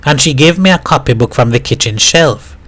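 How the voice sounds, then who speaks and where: A man from Jamaica reading a novel aloud in a steady storytelling voice. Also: medium pitch, a little fast, a little hiss or hum, rough recording. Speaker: reader.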